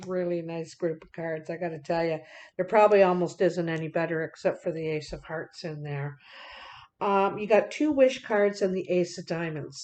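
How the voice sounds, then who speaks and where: A woman's voice: on the low side, a little mellow. A woman giving a card reading to her viewers, talking in a folksy, direct way with many fillers. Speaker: card reader.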